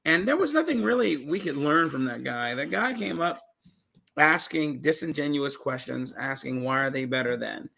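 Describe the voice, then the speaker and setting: Guy hosting a live stream, chill and chatty, kind of gravelly. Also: medium pitch, bright, forceful tone. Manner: laid-back, chatty, frequent laughs. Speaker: livestream host. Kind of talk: casual livestream chat.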